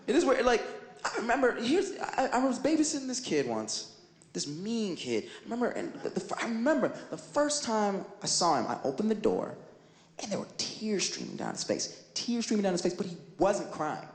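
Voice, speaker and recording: A man doing a stand-up comedy set, animated and swooping into high exclamations, on a stage before a live audience. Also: moderate pace. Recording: echoey live room, loud audience ambience.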